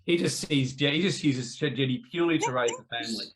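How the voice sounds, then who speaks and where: A man's voice: medium pitch, brisk, background noise. A man teaching in a live online discussion, telling an earnest, confessional personal story and later teasing his co-hosts playfully. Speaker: teacher in an online spiritual debate.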